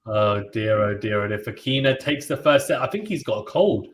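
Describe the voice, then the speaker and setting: A man hosting a live tennis watchalong stream. He calls the play-by-play in a relaxed, chatty way and reads out viewer comments and reacts to them. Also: lowish voice, normal speed, slight background noise. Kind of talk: live play-by-play commentary mixed with casual chat. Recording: roomy echo.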